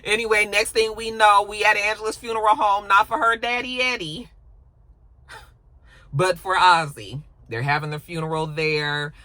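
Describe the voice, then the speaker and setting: Bright-voiced woman yapping through a show recap, blunt and swears a lot. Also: medium pitch, moderate pace, no echo. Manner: chatty, animated, blunt and profane. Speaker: TV recap YouTuber.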